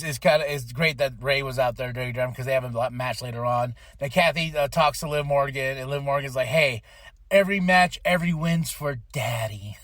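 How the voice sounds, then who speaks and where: A man's voice: fairly high pitch, a bit bright, no echo, studio quality. A man hosting a podcast, casually recapping a wrestling show with opinions and acted-out quotes. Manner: chatty, opinionated, acts out quotes. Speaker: podcast host.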